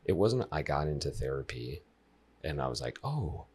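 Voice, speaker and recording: A man in his thirties, a life coach guest on a podcast, telling stories in a lively, casual way and talking straight to the listeners. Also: rumbling low, moderate pace, breathy edge. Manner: animated storyteller who addresses listeners directly.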